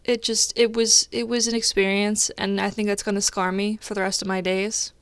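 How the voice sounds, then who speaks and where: Young woman streamer, animated rant. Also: mid-range voice, normal speed, clean tone, dry recording, studio quality. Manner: animated storytelling, frequent swearing. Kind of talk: casual chat while gaming.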